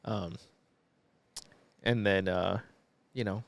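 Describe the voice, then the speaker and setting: A man's voice: low voice, steady tone, extremely slow, creaky, no room sound. A man co-hosting a podcast, casually retelling a movie plot in a laid-back, profane way with lots of fillers. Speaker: podcast co-host.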